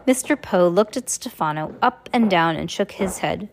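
A woman's voice: on the low side, moderate pace, a little hiss or hum. Woman reading a novel aloud. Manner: plain, steady storytelling with small slips. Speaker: audiobook reader.

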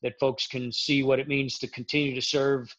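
A middle-aged man from Central Florida talks as a veteran guest in a casual interview. He rambles, stops to correct himself, and speaks frankly. His voice sits at an ordinary male pitch, and the audio is a little dull and low-fidelity. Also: little pitch movement, normal speed, a bit bright.

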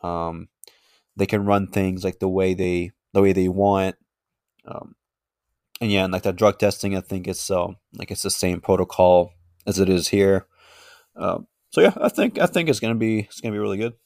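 Young male co-host, low voice, dry close sound, halting casual delivery. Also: creaky, a little mellow, dry recording. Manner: halting, lots of fillers and restarts. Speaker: podcast co-host. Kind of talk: casual podcast chat.

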